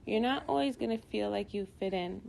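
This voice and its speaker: A gentle, encouraging mother, as a woman narrator voices her, speaking to her son in a storybook with a warm, mellow tone. There is a slight gravelly fry in the voice and a faint hiss under the recording. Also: medium pitch, a little fast. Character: warm, caring mother of a middle-school boy. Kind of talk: audiobook dialogue.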